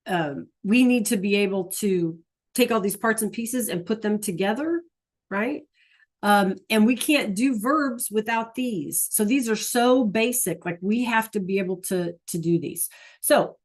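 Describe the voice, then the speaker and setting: A woman's voice: mid-range voice, a little slow. A middle-aged woman teaching a Spanish class over a video call, chatty and encouraging, often checking in with "right?".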